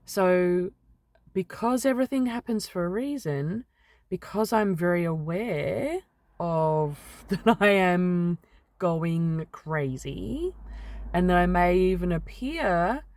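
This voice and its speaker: Woman, rambling personal vlog, unhurried delivery, close dry recording. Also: on the low side, no echo. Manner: rambling, animated when venting, mild swearing. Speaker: vlogger.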